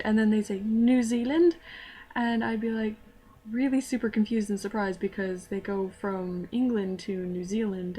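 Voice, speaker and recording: A young woman, telling a self-deprecating story to camera in casual vlog style. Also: medium pitch. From Canada. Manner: chatty, self-deprecating, quick asides. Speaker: vlogger.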